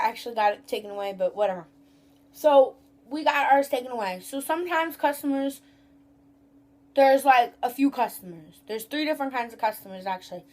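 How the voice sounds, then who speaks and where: A young woman tells a story from work in a rambling, profane, casual rant. Her voice sits a little high for a woman. She keeps slipping into mimicry of rude customers. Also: darkish tone. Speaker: vlogger.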